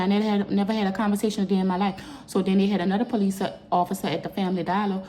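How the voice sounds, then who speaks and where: A young woman vlogger tells a personal story in a casual storytime video, speaking very fast. She's animated and jumps into loud, high bursts whenever she gets upset.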